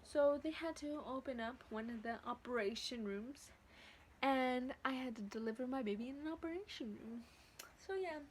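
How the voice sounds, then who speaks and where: A woman's voice: high voice, slight background noise. A teenage woman vlogger telling a casual story from home, blunt and profane with lots of slang. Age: teens.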